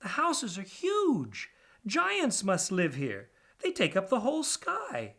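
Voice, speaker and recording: A man squeaking out a giddy little pack rat. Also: huge pitch swings, takes it slowly, gravelly, pushed and bright, exaggerated voice. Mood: awed. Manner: high, eager and breathless. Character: excitable, lovestruck little male pack rat. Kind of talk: storybook reading.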